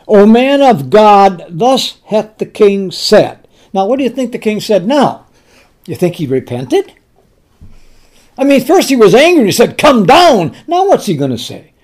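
A man preaching a sermon with a fairly high voice that swings widely in pitch. He speaks slowly, stumbles and restarts, and works himself up when he plays the angry king. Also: a little mellow. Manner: retells scripture, voicing the king with rising anger; stumbling restarts, repeats words.

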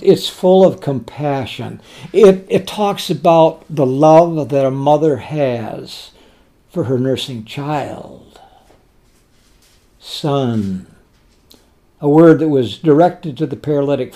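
This preacher's sermon is very lively, his slightly high voice rising and falling as he fires off rhetorical questions and answers them. When he reaches tender words, he slows and turns soft and quiet.

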